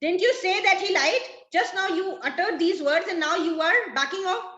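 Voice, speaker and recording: A woman's voice: high-pitched, big pitch swings, takes it slowly, reverberant, lo-fi sound, full character voice. A woman voicing a furious drunken butler. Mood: angry, accusing. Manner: shouting, indignant. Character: enraged drunken male butler shouting threats.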